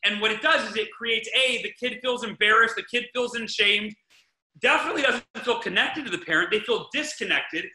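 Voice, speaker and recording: Man, podcast host, casual advice talk, emphatic, repeats words, high-pitched, echoey room. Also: fairly quick. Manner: energetic, emphatic, repeats himself and restarts sentences.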